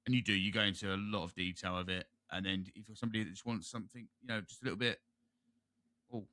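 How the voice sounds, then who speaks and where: British man, podcast host, casual chat, jokey, rambling, lowish pitch, very bright tone. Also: steady tone, very fast.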